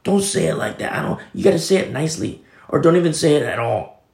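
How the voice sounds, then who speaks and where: A male pastor mimicking a whiny, easily offended churchgoer in a mocking high complaining tone. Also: expressive, fast, vocal fry, darkish tone, reverberant. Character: whiny, touchy churchgoer scolding the preacher.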